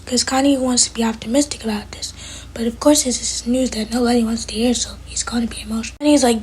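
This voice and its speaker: Woman, casual episode recap, slangy and chatty, rapid delivery, somewhat high voice. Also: fairly even intonation, darkish tone, a little hiss or hum. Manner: chatty, slangy, talks straight to viewers. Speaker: TV episode reviewer.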